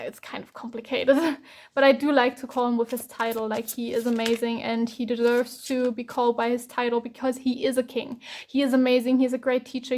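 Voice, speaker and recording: A woman's voice: high voice, darkish tone. A woman from Germany, giving a chatty, rambling tarot reading full of fillers and restarts. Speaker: tarot reader.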